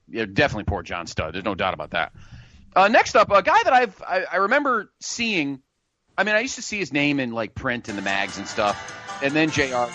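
A man hosting a casual podcast, animated and profane, laughing often as he reviews old matches. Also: mid-range voice, brisk, dry recording, soft background music, rough recording. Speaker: podcast host. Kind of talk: casual wrestling review chat.

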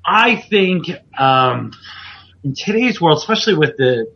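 Podcast host, male wrestler, husky, rambling and self-deprecating, slightly dull recording. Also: a little high, big pitch swings, measured pace. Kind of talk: casual chat.

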